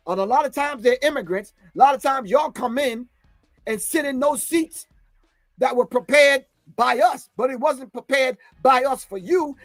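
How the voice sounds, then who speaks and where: Man, high voice, fiery lecturer who scolds the listener and drives each point home by repeating it. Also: dry recording. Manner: emphatic, repeats "all right?" and lines for emphasis; scolding, confrontational. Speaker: commentator. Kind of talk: impassioned spoken lecture.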